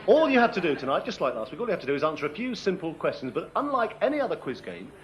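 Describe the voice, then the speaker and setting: A man's voice: fairly high pitch, wildly swooping pitch, racing. A man hosting a comic quiz show in front of a live audience, mock-insulting and flustered, ad-libbing as he goes. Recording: lo-fi 1980s TV broadcast, loud studio audience and noise.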